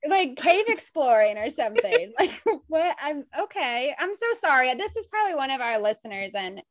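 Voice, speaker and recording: Young woman reading listener stories on a podcast, with a higher voice that swings widely in pitch and often breaks into giggles. The recording is dry and close, with no room sound. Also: normal speed, dry recording. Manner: giggly, animated, laughs often while reading. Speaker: podcast co-host.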